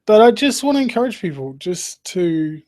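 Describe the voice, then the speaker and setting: Earnest, halting male podcast host. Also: sits high, very animated. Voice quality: emotional, earnest. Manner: halting, with frequent restarts and soft laughs. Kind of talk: reflective podcast monologue.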